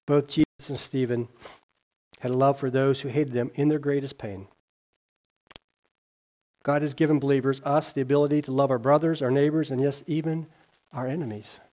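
A man preaching a sermon, reading scripture aloud and asking his listeners questions. He talks earnestly, lifting his voice on key phrases and letting it fall soft at the ends of lines. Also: steady tone, normal speed, pauses often. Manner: earnest, rising on scripture and dropping low at line ends; reads scripture aloud, with small slips and restarts.

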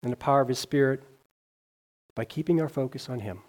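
A man preaching a sermon in a mellow, warm voice of middle pitch. He speaks earnestly, reads scripture aloud and poses questions to his listeners. He rises on key words and drops quiet at the ends of phrases. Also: brisk. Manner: earnest, rising on scripture and dropping low at line ends; reads scripture aloud, with small slips and restarts.

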